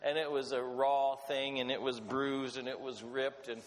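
A middle-aged man preaching a sermon, telling a personal story in an animated way. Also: medium pitch, moderate pace. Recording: long hall reverb.

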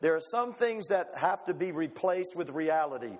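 A man preaching a sermon in a large hall, dramatic and emphatic, pausing for effect and acting out quoted voices. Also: fairly high pitch, animated. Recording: long hall reverb.

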